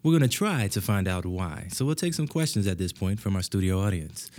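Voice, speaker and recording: An actor playing a polite TV talk-show host who presents in a measured, formal way. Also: male voice, low voice, very animated, darkish tone. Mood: composed.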